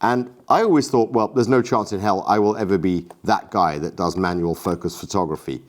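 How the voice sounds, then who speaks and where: A man's voice: on the low side, a little fast. A man in a casual gear review vlog, talking enthusiastically and self-deprecatingly. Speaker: camera gear vlogger.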